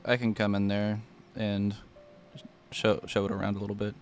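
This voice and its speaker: A man's voice: on the low side, completely flat delivery, moderate pace, faint music behind. A man running a live-streamed tabletop game as game master, explaining things in an easygoing way with a few fillers.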